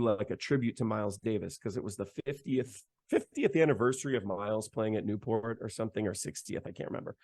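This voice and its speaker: A man's voice: lowish voice, normal speed, a little mellow, dry recording. A young man, a saxophonist guest, telling a story in a loose, chatty way with lots of "like" and "man". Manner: chatty, heavy use of "like" and "man". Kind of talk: casual storytelling.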